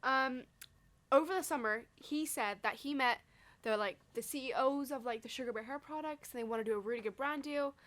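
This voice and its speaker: A woman's voice: high voice, a little fast, fairly bright tone. Young female student co-host, chatty, reads from notes, upper-register voice. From England. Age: young adult. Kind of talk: casual chat.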